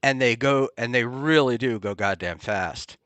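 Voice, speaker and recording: A man hosting a casual talk show, rambling and halting with many ums and restarts. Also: mid-range voice, a bit bright, clean tone, no echo. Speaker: podcast host. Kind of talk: casual chat. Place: Hoboken area, New Jersey.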